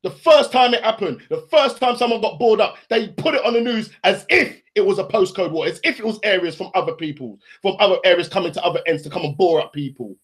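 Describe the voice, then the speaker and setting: Furious high-pitched man ranting. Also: animated, quick pace, few pauses. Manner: furious, profane, shouting rant. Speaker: panelist on a live stream. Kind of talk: angry live-stream rant.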